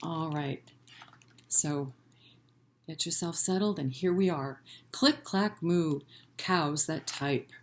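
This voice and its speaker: Slow, gentle woman reading to children. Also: deep voice. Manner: animated, invites listeners to chant along. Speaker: children's storytime reader at a library. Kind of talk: children's picture-book read-aloud.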